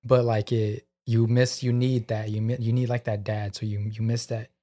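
A man's voice: fairly low pitch, normal speed. A man in his twenties, a podcast co-host, talking casually with lots of fillers. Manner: flat, filler-heavy talk. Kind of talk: casual chat.

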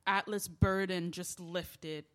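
A woman's voice: lowish voice, fairly even intonation, takes it slowly, fairly bright tone. Woman delivering a confiding stage monologue. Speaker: lead character in a stage play.

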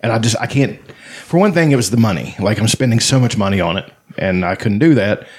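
A man's voice: on the low side, lively intonation, fairly quick, husky. A man in casual chat among friends, rambling and swearing freely. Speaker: podcast co-host.

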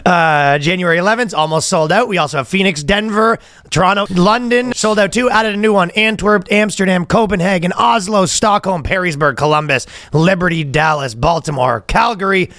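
Man, podcast co-host, jokey and loud, slightly high voice, dry close mic. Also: normal speed, no echo. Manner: loud, jokey, slips into a put-on high Irish accent. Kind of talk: casual chat and read ad.

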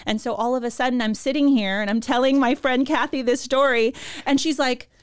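A woman's voice: high voice, fairly quick, smooth, no room sound, studio quality. Earnest woman telling her life story. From Oregon. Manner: earnest, emotional, animated storytelling. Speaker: executive director of a pregnancy center. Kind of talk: personal storytelling in an interview.

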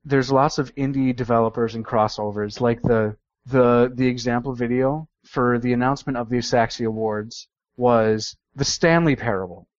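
A man's voice: mid-range voice, normal speed, hardly any pauses, no room sound, dull audio. A man co-hosting a gaming podcast, chatty and rambling, with frequent fillers. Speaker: podcast co-host. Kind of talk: casual chat.

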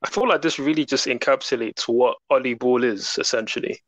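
A man, a podcast guest giving fluent, relaxed football analysis. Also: mid-range voice, fairly quick, dry recording, rough recording.

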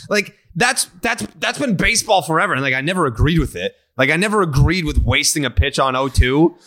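A man's voice: a little high, lively intonation, a little fast, hardly any pauses, a bit bright. A man hosting a sports podcast, ranting in a profane, emphatic way during casual chat. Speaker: podcast host.

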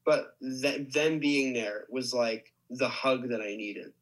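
A man's voice: medium pitch, slow, fairly bright tone, poor audio. A young man, an actor, telling a story casually with lots of restarts and "like". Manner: rambling, many restarts and likes. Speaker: actor guest.

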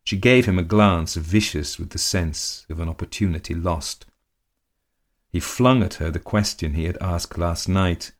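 A man reading a classic short story aloud in a measured, unhurried way. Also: low voice. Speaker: narrator.

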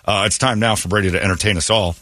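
A man's voice: fairly low pitch, steady tone, very fast, bright, forceful tone, dry recording. A man hosting a morning radio show, joking and rambling with his co-hosts and laughing often. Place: radio studio.

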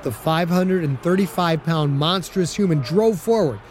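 A man narrating an audiobook in a steady storytelling manner. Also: a little high, normal speed, slight background noise.

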